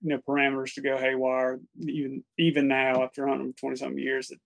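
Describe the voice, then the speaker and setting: A man's voice: medium pitch, monotone, quick pace, vocal fry, fairly bright tone. A man talking as a podcast guest about hunting, earnest, often restarting his sentences. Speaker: podcast guest, turkey hunter. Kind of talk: casual chat.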